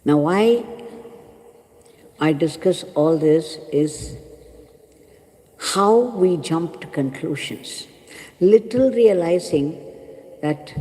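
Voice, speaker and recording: A woman spiritual teacher telling a moral story in a calm, measured sermon. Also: low-pitched, in a large hall, low-quality recording. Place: ashram hall.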